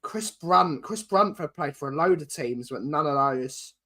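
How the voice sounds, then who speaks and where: Bright-voiced English man, quiz banter. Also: fairly high pitch, lively intonation, a little slow. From England. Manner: reels off player names, corrects his co-host. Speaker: podcast co-host. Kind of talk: casual chat while playing a football quiz.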